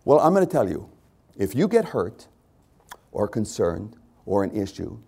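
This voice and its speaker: A man's voice: fairly low pitch, very animated, measured pace, creaky, warm tone, slightly rough. A male pastor preaching a conversational sermon to his congregation, repeating phrases for emphasis.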